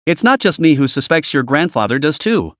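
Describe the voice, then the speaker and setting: A man voicing the stern father of a noble clan in an animated story recap, speaking gravely. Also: a little high, a little fast, no echo, studio quality. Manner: grave, questioning.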